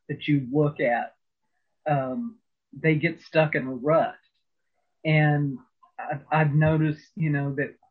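A slightly high, husky-voiced man rambles through anecdotes in an informal interview, peppering them with fillers and false starts. Audio comes through narrow, like a phone call.

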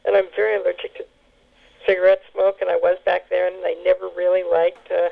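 A woman telling family memories in an oral history interview, halting with many fillers and restarts. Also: fairly low pitch, flat delivery, creaky. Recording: tinny phone line.

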